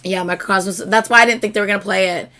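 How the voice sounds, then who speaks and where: A young woman hosting a casual live stream, telling a story excitedly and swearing freely. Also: medium pitch, racing. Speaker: host.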